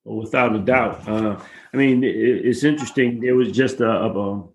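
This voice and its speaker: A man who is a community activist, answering interview questions in a measured, explanatory way. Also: fairly low pitch, lo-fi sound, slight background noise.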